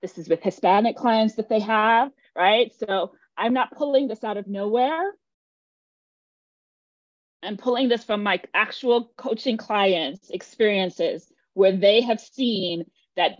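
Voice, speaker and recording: A woman's voice: mid-range voice, takes it slowly, no room sound. Emphatic woman coach, dry muffled sound. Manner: emphatic, insistent, repeats points for weight. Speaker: business coach. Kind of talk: direct-to-camera advice talk.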